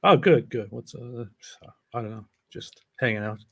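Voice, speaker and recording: A man hosting a casual livestream chat, relaxed and easily amused by his guest. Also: medium pitch, moderate pace, slightly rough, no room sound, studio quality. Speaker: livestream host.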